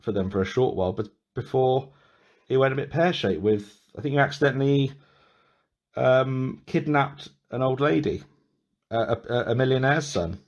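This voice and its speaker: A man's voice: medium pitch, moderate pace, lo-fi sound. A man hosting a podcast, chatting casually and rambling with many restarts and small laughs. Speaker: podcast host. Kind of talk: casual chat.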